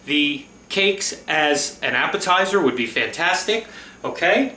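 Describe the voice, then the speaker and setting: A chatty, enthusiastic man walks through a home recipe in a bright, forceful voice that sits a little high. His kitchen is echoey, with faint noise in the background. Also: expressive, moderate pace, far from the mic. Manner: chatty, enthusiastic, says "okay?" often. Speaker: cooking vlog host. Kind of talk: casual cooking demo.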